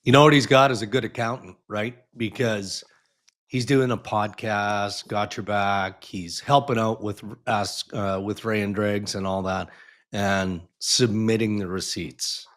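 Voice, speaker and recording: A man's voice: lowish voice, steady tone, unhurried, a bit bright. Wry man hosting a sports podcast. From Canada. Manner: wry, laughs often, reads listener questions. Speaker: podcast host. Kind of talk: casual sports chat and ad reads.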